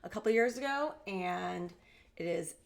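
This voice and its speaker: Enthusiastic woman creator, bubbly delivery, gravelly fry. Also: on the low side, expressive, measured pace. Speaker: guest content creator. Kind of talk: recorded video segment.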